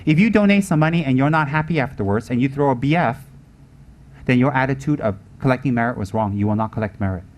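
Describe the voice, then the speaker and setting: A man's voice: mid-range voice, fast talker, a little mellow. A man giving a Buddhist teaching in an emphatic manner, repeating his points and asking rhetorical questions. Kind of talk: Dharma teaching.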